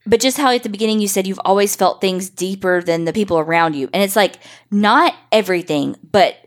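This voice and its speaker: A young adult woman co-hosting a podcast, chatting casually and reading listener stories, emotional and quick to swear. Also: mid-range voice. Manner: emotional, swears freely, rambling. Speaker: podcast co-host.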